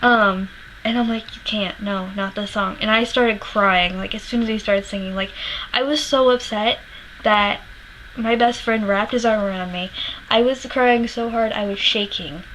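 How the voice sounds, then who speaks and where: A woman vlogger with a slightly high-pitched voice recounts a personal story straight to camera. She curses freely and laughs as she talks, and she sounds emotional while remembering it. A faint hiss sits under the recording. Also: steady tone, moderate pace, a bit bright, poor audio.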